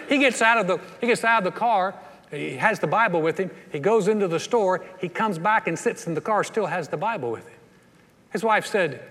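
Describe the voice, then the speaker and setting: A man preaching a sermon as pastor, telling a story in an animated way and acting out the voices, then leading a quiet altar call. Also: a little high, brisk. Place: church sanctuary. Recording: hall reverb.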